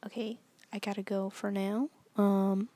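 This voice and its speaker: This teenage podcast host talks alone from her bed at home in a mid-range, mellow voice, flat and unhurried. The chat is casual and wandering, peppered with fillers and giggles.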